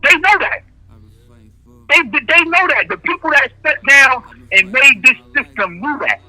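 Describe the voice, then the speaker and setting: A man with a notably high, very bright and piercing voice, heard close and dry over a phone line. He talks in casual street speech, circling back to repeat his key phrases with insistent emphasis. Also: expressive, a little slow, no echo. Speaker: incarcerated interviewee. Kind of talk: impassioned interview answers.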